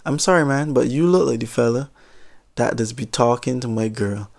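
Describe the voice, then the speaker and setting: A man with a gravelly voice voicing a jealous, menacing customer, speaking low and quietly threatening. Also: moderate pace, lightly acted. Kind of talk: storytime re-enactment.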